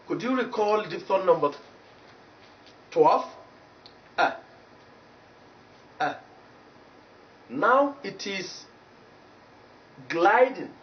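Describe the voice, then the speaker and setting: A man with a Nigerian English accent teaching pronunciation on television, slowly repeating words as he drills them. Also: sits high, lively intonation. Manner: slow, repetitive drilling of words. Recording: dull distant TV studio sound, faint hiss.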